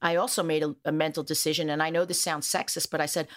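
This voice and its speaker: Candid, lower-voiced woman telling stories. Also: flat delivery, quick pace, fairly bright tone. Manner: candid, swears freely, storytelling. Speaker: guest. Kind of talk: casual interview chat.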